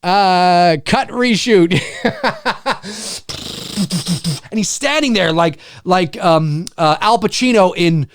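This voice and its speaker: A man's voice: high voice, expressive, takes it slowly, pauses often, slight background noise. A man hosting a casual live stream, rambling and swearing, laughing often and acting out scenes. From Canada. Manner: rambling, profane, laughs often, acts out scenes with shouted voices.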